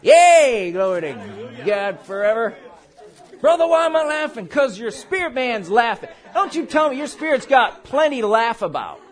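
At a church service, a man with a very high-pitched voice preaches a charismatic sermon at a moderate pace, laughing through his words in an animated, playful way.

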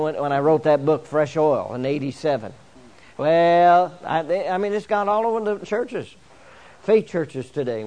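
An older man preaching a sermon live in a church, repeating and restarting phrases as he builds to fervent near-shouting. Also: on the high side.

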